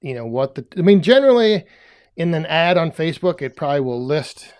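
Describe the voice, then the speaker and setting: A man's voice: fairly high pitch, big pitch swings, fairly quick, darkish tone, smooth. A man co-hosting a casual podcast, talking in an easygoing way and chuckling often. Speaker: podcast co-host.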